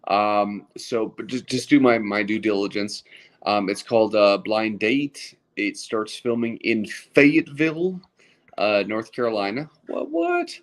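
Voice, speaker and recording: A man in his thirties with a lowish voice talks in a casual podcast chat. He stumbles through fillers and restarts, and his humor is dry and self-deprecating. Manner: halting, many fillers and restarts. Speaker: stand-up comedian guest.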